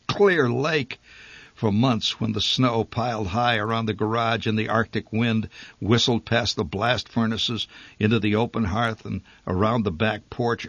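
Husky low-voiced male storyteller. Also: no room sound. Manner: wry, dry, lively delivery. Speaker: narrator. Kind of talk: storytelling reading of a humorous memoir.

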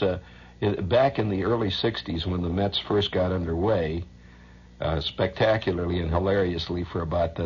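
A man's voice: sits low, highs cut off, slight background noise. A man hosting a radio show, rambling through a loose monologue, chuckling often and humming nonsense syllables. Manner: rambling, chuckling, hums sing-song nonsense. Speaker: radio host.

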